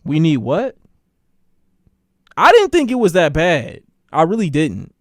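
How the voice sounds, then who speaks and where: High, lively man telling a wild story. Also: a little slow, slight background noise. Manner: animated, profane storytelling with exaggerated reactions; repeats phrases for emphasis. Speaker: streamer. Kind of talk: casual storytime on a live stream.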